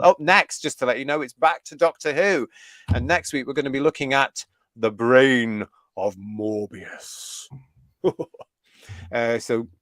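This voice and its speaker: Male host from the UK, middle pitch, keen and chatty, laughs a lot, close dry mic. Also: fairly bright tone, no room sound. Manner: chatty and enthusiastic, laughing often. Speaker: host of a fan review livestream. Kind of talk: live stream chat, reading viewer comments.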